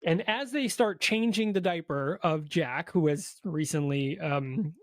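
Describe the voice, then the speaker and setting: A man's voice: a little high, a little slow, no echo, clean studio sound. A man co-hosting a podcast, casually retelling a film's plot and acting out the characters' lines with lots of fillers. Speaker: podcast co-host. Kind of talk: casual film recap.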